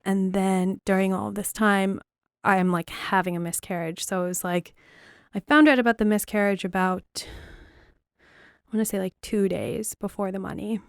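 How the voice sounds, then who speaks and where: A woman's voice: mid-range voice, fairly even intonation, moderate pace, gravelly, clean tone, no room sound. Young woman host, confessional storytelling, blunt and filler-laden with gallows humor, dry close-miked sound. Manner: frank, filler-heavy, dark humor. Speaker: podcast host. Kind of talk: candid personal storytelling.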